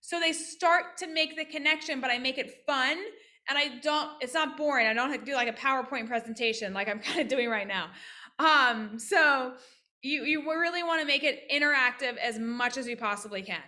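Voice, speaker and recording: High-pitched woman pt teaching on a video call, bright voice, lively, keeps throwing questions. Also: moderate pace. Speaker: physical therapist teaching workshop skills. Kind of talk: casual online teaching with role-played examples.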